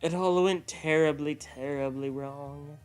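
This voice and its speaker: A man's voice: a little high, steady tone, a little slow, soft background music. A man on a call with a streamer friend, chatting casually with crude, profane banter. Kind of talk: casual chat while gaming.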